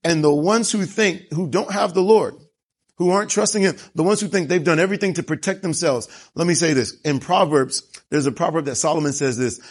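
A man's voice: a little high, brisk, slightly rough. A man preaching a sermon, telling the story with animation and asking rhetorical questions. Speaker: pastor.

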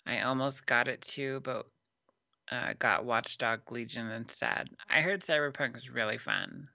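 A man co-hosts a casual podcast, chiming in with short reactions and quick questions. His voice is very bright and sharp-edged. The recording is dry and close. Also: medium pitch, vocal fry, no room sound. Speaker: podcast co-host. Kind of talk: casual chat.

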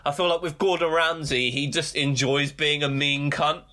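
Young man, British accent, podcast co-host, bright voice, rambling, sweary. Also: on the high side, steady tone, moderate pace. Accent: British English. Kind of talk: casual chat.

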